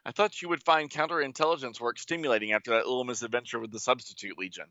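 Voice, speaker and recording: A man voicing a stern male spy chief with a measured, patronizing manner. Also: mid-range voice, bright, forceful tone, no room sound, lo-fi sound, close to an everyday voice.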